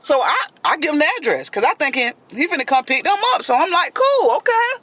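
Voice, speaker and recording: High, bright man telling an animated story. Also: quick pace, no room sound. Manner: animated, dramatic retelling with quoted voices. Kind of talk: casual storytime.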